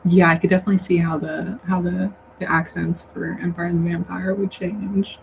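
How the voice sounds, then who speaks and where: A woman's voice: fairly low pitch, flat delivery, moderate pace, vocal fry. A woman hosting a casual livestream, chatting with her viewers in a rambling way and laughing often. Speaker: livestream host reading chat. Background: faint fan hum.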